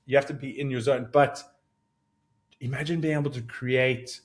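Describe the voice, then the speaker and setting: A man's voice: mid-range voice, moderate pace. Earnest man thinking aloud on a podcast. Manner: earnest, animated, rising with excitement, thinks aloud with restarts. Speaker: podcast host. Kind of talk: solo reflective podcast monologue.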